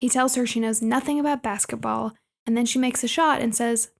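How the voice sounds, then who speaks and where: A woman's voice: on the high side, steady tone, a little fast, gravelly. A woman co-hosting a podcast, summarizing a movie plot in casual chat with playful asides. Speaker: podcast co-host.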